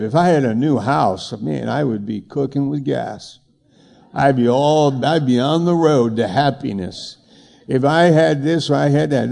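A man's voice: fairly high pitch, vocal fry, dark tone. An older man, a pastor, preaching a conversational sermon and acting out bits of dialogue.

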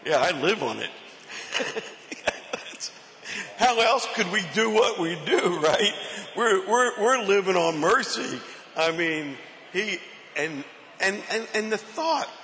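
Gravelly man preaching in a reverberant hall. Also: on the high side, sharp tone, slight background noise. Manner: questions the congregation, playful. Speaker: preacher on a panel. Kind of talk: conversational sermon. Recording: long reverb from a hall, faint ambience.

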